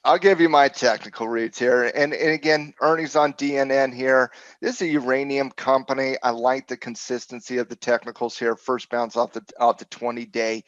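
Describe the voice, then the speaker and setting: A man co-hosting a trading show as a coach, talking casually about charts in a joking, halting way with many restarts. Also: medium pitch, level tone, fairly bright tone, no room sound, muffled recording. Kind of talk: casual market chat.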